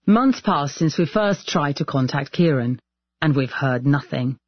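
A man journalist giving measured, scripted documentary narration. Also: a little high, animated, husky, no room sound, lo-fi sound. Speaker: journalist presenter.

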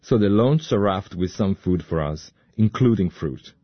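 A man giving an interpreter's voice-over in a plain, even manner. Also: sits low, moderate pace, lo-fi sound. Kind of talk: translated voice-over.

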